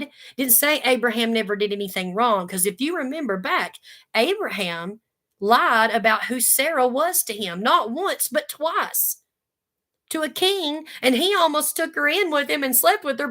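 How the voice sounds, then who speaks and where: A woman's voice: fairly high pitch, bright, forceful tone. Earnest woman teaching the Bible casually. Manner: conversational and earnest, with folksy asides. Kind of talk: casual Bible study talk.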